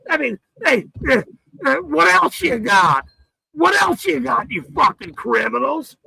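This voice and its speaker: A man hosting a livestream, ranting with heavy profanity and frequent shouting. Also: extremely high pitch, very animated, takes it slowly, gravelly, husky, no room sound, poor audio. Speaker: livestream host.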